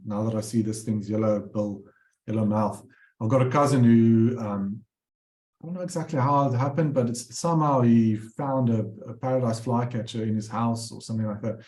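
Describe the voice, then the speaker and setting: A man's voice: lowish voice, warm tone, reverberant. A man presenting his bird paintings, telling rambling anecdotes with many fillers and restarts. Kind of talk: casual storytelling talk.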